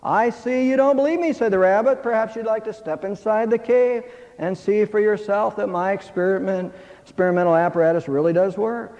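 High-voiced preacher in an echoing hall. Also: male voice, a little fast, darkish tone. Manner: storytelling, earnest and emphatic. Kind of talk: sermon with a told fable. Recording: dull hall reverb.

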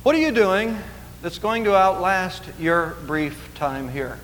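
A man's voice: sits high, expressive, takes it slowly, fairly bright tone, long reverb tail, a little hiss or hum, rough recording. A man preaching a sermon as pastor, earnest and emphatic, repeating key phrases for weight. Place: church sanctuary.

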